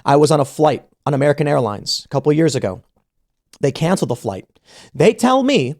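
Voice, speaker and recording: A man's voice: fairly high pitch, big pitch swings, fairly quick, gravelly, a little mellow. A man hosting a podcast, telling a story in casual conversation and acting out the quoted exchanges, often restarting his sentences. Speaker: podcast host.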